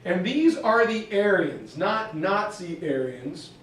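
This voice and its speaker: A male teacher giving a jokey, animated history lecture in a classroom, picked up by a distant camera mic. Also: sits high, takes it slowly, a little hiss or hum. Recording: echoey classroom from far off.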